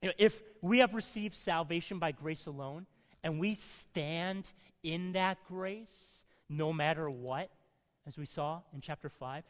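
A male preacher delivers a sermon slowly, leaning hard on key words and dropping to quiet asides. His voice is somewhat high for a man. A long hall reverb trails every phrase. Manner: emphatic, swinging between loud stresses and quiet asides.

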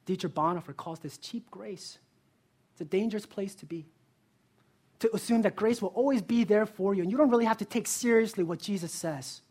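Husky-voiced pastor preaching a sermon. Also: male voice, sits high, a little fast. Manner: earnest, asks the listeners direct questions; lively storytelling.

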